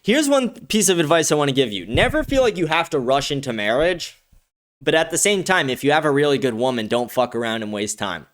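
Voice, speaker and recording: A man hosting a livestream, reading viewer comments with profane, combative ranting that turns excited when he is pleased. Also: fairly high pitch, a little fast. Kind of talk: casual streaming talk.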